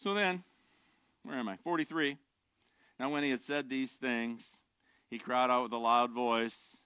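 An older male pastor preaching a sermon with a bright, forceful tone. His delivery swings from impassioned near-shouting to hushed, joking asides. The sound is close and dry. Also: mid-range voice, fairly even intonation, measured pace, smooth, no room sound.

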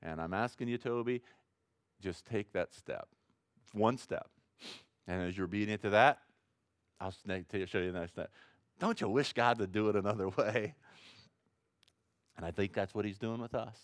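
Male pastor, lowish voice, dry close sound, chatty rambling sermon. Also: moderate pace, pauses often, dry recording. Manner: conversational, rambling, rising to excited emphasis. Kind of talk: informal sermon.

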